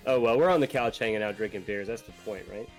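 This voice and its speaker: A man co-hosting a casual live podcast, easygoing and quick to laugh. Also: fairly low pitch, faint music behind. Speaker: podcast co-host.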